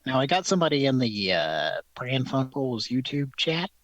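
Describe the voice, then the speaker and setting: Man, comedy show co-host, playful asides, lively pitch, dry sound. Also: normal speed, dry recording. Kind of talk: casual chat.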